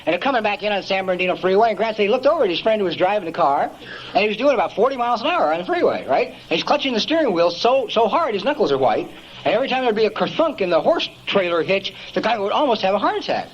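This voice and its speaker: A man's voice: sits high, very animated, quick pace, dull audio, a little hiss or hum. A man giving a folksy, emphatic storytelling talk at a recovery meeting, peppering it with "man" and "you know".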